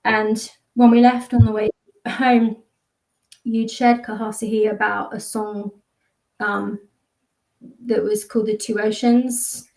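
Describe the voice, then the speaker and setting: A woman speaking slowly and gently in a reflective conversation, with some hesitation. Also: medium pitch, little pitch movement. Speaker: fellow participant in the conversation. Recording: roomy echo, distant from mic.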